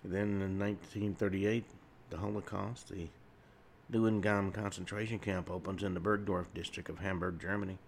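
Deep gravelly radio host. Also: male voice, little pitch movement, normal speed, a little hiss or hum. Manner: rambling, with frequent uh fillers and restarts. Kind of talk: solo radio talk monologue. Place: radio studio.

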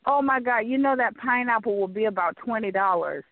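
A woman's voice: fairly high pitch, fairly quick, a little hiss or hum. A woman co-hosting live talk radio, chatty and effusive, stretching out words for emphasis. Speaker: radio show co-host. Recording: phone-like call-in line.

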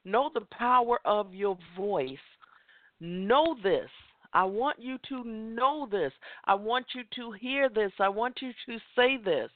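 A woman hosting a motivational talk show, speaking emphatically and repeating affirmations slowly. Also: fairly high pitch, lively intonation, no room sound. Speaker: host. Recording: tinny phone line.

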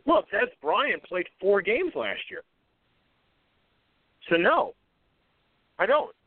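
A man's voice: high-pitched, big pitch swings, slow. A man co-hosting a sports radio talk show, confidently rattling off predictions and correcting himself as he goes. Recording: dry, phone-like radio audio.

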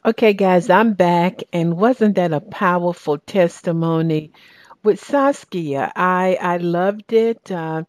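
Speaking slowly in a fairly low voice, a middle-aged woman with a Southern US accent hosts her talk show as a radio host and life coach. She sounds warm and encouraging, often restarting and using fillers, over soft background music with no echo.

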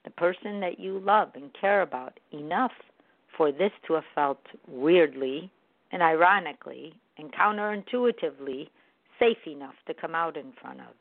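A self-help speaker giving a reflective spoken monologue in an earnest, gently coaching manner. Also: medium pitch, moderate pace, vocal fry, no echo. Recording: tinny phone-like dry recording.

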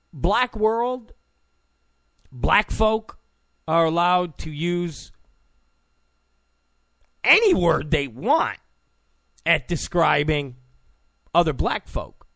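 A man's voice: on the high side, fairly bright tone, no room sound. Rambling sarcastic male talk show host. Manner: loose, rambling, sarcastic, with many fillers. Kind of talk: casual political talk show monologue.

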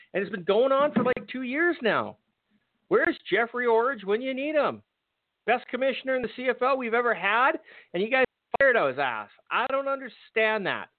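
A man's voice: very high-pitched, expressive, normal speed, dry recording. A man hosting a football podcast, ranting angrily and sarcastically with lots of swearing. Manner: angry, profane, sarcastic ranting. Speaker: podcast host. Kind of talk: ranting sports talk. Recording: tinny phone-like audio.

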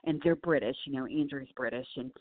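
Over tinny, dry phone-line audio, a female animal handler who wrangles snakes and wildlife for film sets recounts stories in a casual interview. Her bass voice moves fairly quickly, and she's eager and animated.

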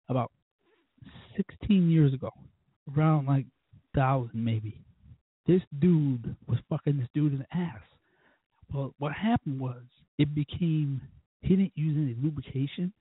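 A man hosting his own show, telling rambling, profane stories in a casual drunken way, with sudden loud bursts. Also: on the high side, husky, no echo, narrow, tinny audio. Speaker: podcast host.

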